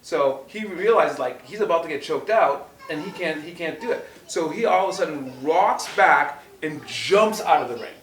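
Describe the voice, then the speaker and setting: Brief: slightly high male voice, lively retelling, heard from a distance in a roomy space. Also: normal speed, few pauses. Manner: animated, acts out quotes loudly, many restarts. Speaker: martial arts instructor co-host. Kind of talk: casual storytelling chat. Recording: roomy echo, distant from mic.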